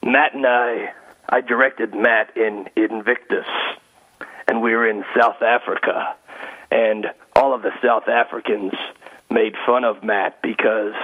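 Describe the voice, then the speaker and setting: A man doing a low, slow, dry impression of a gruff older male film star over a phone line.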